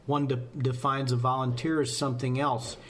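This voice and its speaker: A man's voice: mid-range voice, flat delivery, normal speed, a bit bright, slight background noise. Folksy rambling American man. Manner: folksy, rambling, jokes at himself. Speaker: fire service presenter. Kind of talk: casual podcast talk.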